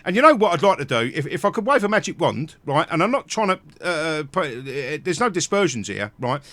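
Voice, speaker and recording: Man, quick high bright voice, profane angry rant, dry close mic. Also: sing-song, no room sound. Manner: angry, profane, shouting in bursts. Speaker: live stream host. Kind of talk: ranting live stream chat. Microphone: close mic at home.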